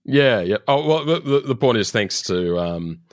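A man's voice: medium pitch, animated, normal speed, no echo, studio quality. A man co-hosting a podcast, chatting casually as he recaps an episode, laughing often and using lots of fillers. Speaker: podcast co-host.

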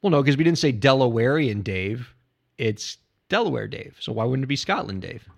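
A man's voice: medium pitch, lively intonation, moderate pace, creaky. A man co-hosting a podcast in playful comedic banter, laughing easily as he humors his partner. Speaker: podcast co-host.

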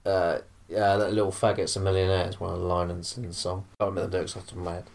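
A fairly low-voiced man joining a podcast chat as a guest. He talks in a dry, offhand way and swears casually. A faint hiss sits under his voice. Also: level tone, racing, vocal fry.

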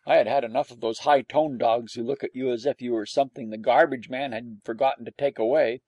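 A man's voice: mid-range voice, steady tone, brisk, a little mellow, no room sound, dull audio. A man narrating a storybook in the first person as a dog, with wry, dry humor. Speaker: audiobook narrator.

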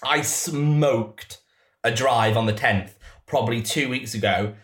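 A man co-hosting a podcast in casual chat, chatty and quick with jokes. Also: medium pitch, fairly bright tone. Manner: chatty, quick jokey interjections. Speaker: podcast co-host. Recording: echoey room.

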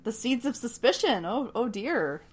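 A woman's voice: on the high side, very animated, normal speed, slight background noise. A woman co-hosting a casual podcast, recapping a TV episode with lots of laughter and the odd swear word. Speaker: podcast co-host.

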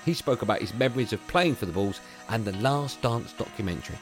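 A man's voice: lowish voice, animated, fast, loud music behind the voice. A man hosting a radio sports roundup, playful and self-mocking, his sentences rising at the ends. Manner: playful, self-mocking, sing-song rises. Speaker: radio sports show host.

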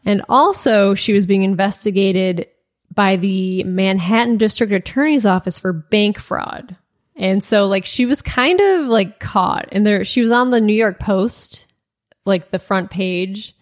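Woman podcast host, casual storyteller, animated, drops into quoted voices, filler-heavy. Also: mid-range voice, unhurried. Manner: animated retelling, acts out quoted dialogue, many "like" fillers.

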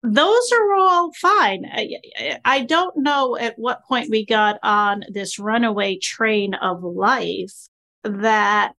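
Woman podcast host, chatty and emphatic, unhurried delivery. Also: fairly high pitch, sharp tone. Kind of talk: casual podcast conversation.

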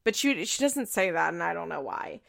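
A woman with a fairly bright, animated voice on the low side, marked by vocal fry, recaps a reality show at a moderate pace. She's opinionated and chatty, filling her speech with "like" and swearing occasionally.

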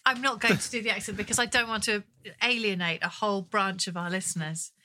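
A woman co-hosting a podcast, chatting casually and giggling often in quick bursts. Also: medium pitch, steady tone, sharp tone. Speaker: podcast co-host. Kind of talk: casual chat.

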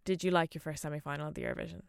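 Smooth-voiced woman podcast co-host. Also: low voice, fairly even intonation, rapid-fire, no room sound, studio quality. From Ireland. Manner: chatty and enthusiastic, with fillers like "kind of". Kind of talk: casual chat.

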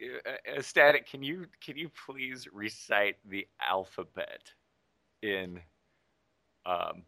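A man chatting casually as a voice-acting guest, animated and laughing often, now and then slipping into character voices. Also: lowish voice, slow pace, vocal fry. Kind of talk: casual chat.

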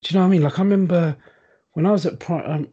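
A man's voice: sits high, steady tone, racing, mellow, breathy edge, dull audio. A man chatting casually on a podcast, rambling with lots of ums and restarts. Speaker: podcast guest. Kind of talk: casual chat.

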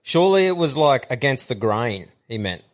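A man's voice: mid-range voice, normal speed. A man hosting a podcast in casual, laughing chat. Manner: laughing, animated, swearing. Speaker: podcast host.

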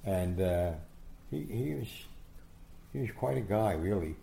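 An older man spins anecdotes as an interview guest, acting out what people said. His voice sits low and gravelly. The room around him is roomy and echoing. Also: measured pace, slight background noise. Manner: animated, acts out quotes, many restarts. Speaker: guest storyteller. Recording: echoey room.

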